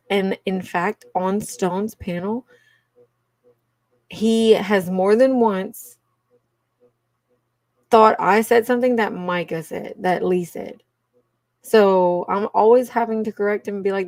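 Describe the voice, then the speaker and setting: Chatting casually with her livestream viewers, this Cajun-accented woman laughs frequently and calls them y'all. Her voice is mid-range and darkish, with no echo.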